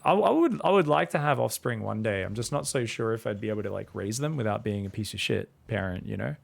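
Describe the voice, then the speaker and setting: A man's voice: lowish voice, expressive, quick pace, vocal fry. A man, casually commentating a strategy game and chatting with viewers in a rambling, laid-back way. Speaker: StarCraft coach and streamer.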